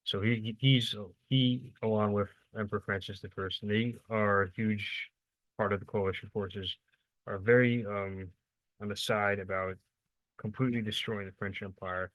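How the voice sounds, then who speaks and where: A young man talks through a history lesson in a loose, unscripted way, stumbling over words and correcting himself as he goes. His voice sits low and stays fairly flat in pitch. The recording is dry, with no room sound. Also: no echo, poor audio. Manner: rambling and informal, many fillers and self-corrections, quick asides. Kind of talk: casual unscripted lecture.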